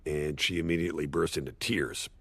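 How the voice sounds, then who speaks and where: A man's voice: a bass voice, steady tone, brisk, fairly bright tone, husky, no room sound, heavily acted. A man playing a sardonic, washed-up male horse actor who rambles through a eulogy with awkward, sarcastic jokes. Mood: wry. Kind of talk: comedic eulogy monologue.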